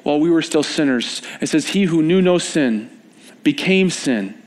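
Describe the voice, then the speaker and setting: A young man preaching a conversational sermon at a church service, informal and joking with the congregation, rising at times to animated emphasis. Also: a little high, moderate pace.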